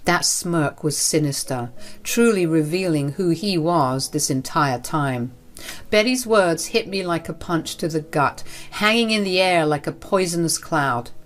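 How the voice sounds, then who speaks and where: A woman's voice: low voice, animated, a little slow. A woman narrating a first-person drama story in an earnest, dramatic manner.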